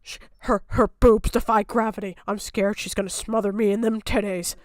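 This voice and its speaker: A woman streaming herself as she reacts to a video, mocking it loudly and breaking into bursts of laughter. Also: mid-range voice, steady tone, moderate pace, dry recording. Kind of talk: casual live-stream commentary.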